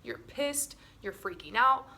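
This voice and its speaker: A woman's voice: fairly high pitch, lively intonation, a little slow, sharp tone. A woman co-hosting a relationship webinar, talking casually with her partner, laughing often and filling her talk with "like" and "um". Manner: chatty, laughs often, many "like" and "um" fillers.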